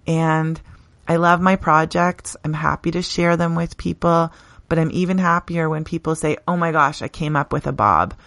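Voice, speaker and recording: A middle-aged woman, a teacher talking earnestly and warmly about her work in an interview, laughing often. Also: sits low, no room sound. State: briefly tearful. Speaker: teacher, podcast guest. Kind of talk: conversational interview.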